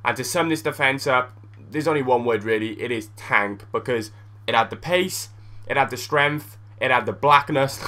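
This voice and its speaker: A young man giving casual gameplay commentary as a gaming YouTuber, blunt and excitable, swearing freely. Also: medium pitch, normal speed.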